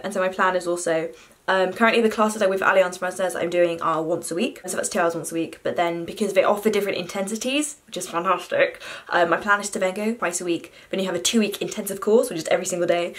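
A woman's voice: lowish voice, fast. A young woman, chatting to camera in a self-deprecating, casual way with the odd swear word. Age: young adult. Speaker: vlogger.

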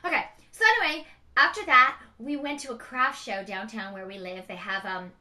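Bright, chatty middle-aged woman vlogging. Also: a little high, steady tone, moderate pace. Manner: chatty, emotional, frank. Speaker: beauty vlogger, mother. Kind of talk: casual rambling vlog. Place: home.

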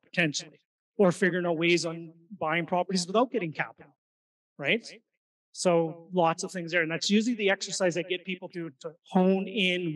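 A man gives an energetic seminar talk to a live crowd, firing questions at the audience. His voice sits high for a man. He sounds some way off the microphone in a meeting room. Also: distant mic, low-quality recording. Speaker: real estate investing presenter. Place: meeting room at an investor event.

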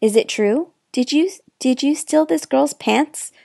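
A woman's voice: high voice, a little slow, creaky, darkish tone, no echo, studio quality, pitched above the performer's own voice. A woman reading aloud, voicing a stern, bullying middle-aged motel owner who accuses and barks commands at a girl. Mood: accusing.

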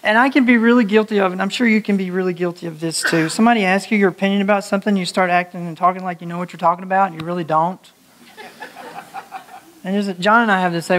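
A male pastor preaching a conversational sermon to his congregation, animated and joking, laughing at his own slips of the tongue. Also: high-pitched, fast, a little hiss or hum. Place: church sanctuary before a congregation.

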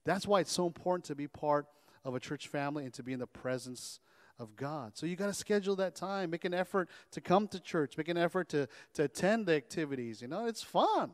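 A man preaching as pastor, animated, often calling on his congregation for an amen. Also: fairly high pitch, a little fast, big-room sound. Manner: animated, call-and-response preaching. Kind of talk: sermon. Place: church sanctuary.

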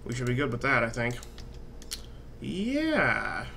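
A man's voice: medium pitch, huge pitch swings, takes it slowly, vocal fry, pushed and bright, slight background noise. A man casually narrating his own gameplay, rambling and swearing freely with a self-mocking streak. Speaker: gaming channel host. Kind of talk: casual let's-play commentary.

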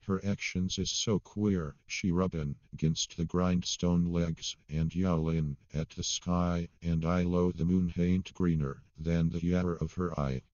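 A man's voice: sits low, flat delivery, unhurried, few pauses, darkish tone, no echo, highs cut off. A man voicing a jumpy rustic old-time miller who speaks in folksy dialect. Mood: grumbling.

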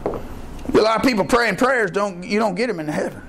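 A man preaching a sermon as pastor of a church, impassioned and folksy, rising to shouts. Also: sits high, animated, moderate pace, noisy background.

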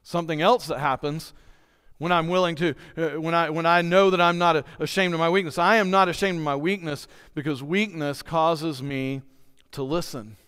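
A man's voice: fairly high pitch, steady tone, normal speed, fairly bright tone, clear, resonant tone. A man preaching a sermon as pastor, earnestly asking his congregation direct questions. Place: church sanctuary. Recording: long hall reverb in a church.

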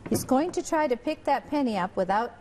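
A woman teacher explaining her school and students' experiments to a TV reporter, brisk and encouraging. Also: high voice, animated, darkish tone, slight background noise. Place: middle school, indoors.

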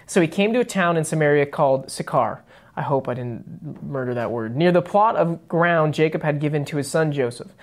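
A man's voice: fairly high pitch, a little fast. Easygoing male co-host who reads a Bible passage and then unpacks it in plain talk. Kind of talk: casual Bible study chat and scripture reading.

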